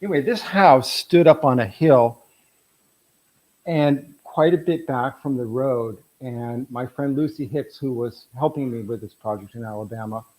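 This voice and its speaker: A man's voice: mid-range voice, measured pace, darkish tone, low-quality recording. A middle-aged man presenting his photographs at an artist talk, telling anecdotes in a rambling way with frequent restarts.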